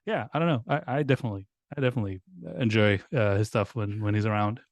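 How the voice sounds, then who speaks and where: A man talking as a podcast guest in casual conversation, halting with many restarts and fillers and laughing often. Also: lowish voice, no room sound.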